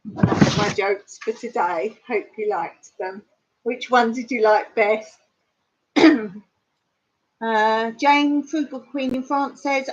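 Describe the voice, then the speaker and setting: A woman hosting a casual live stream from home, telling jokes and chatting in an unhurried way, clearing her throat now and then. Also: a little high. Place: home in the countryside. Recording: dull lo-fi live stream audio.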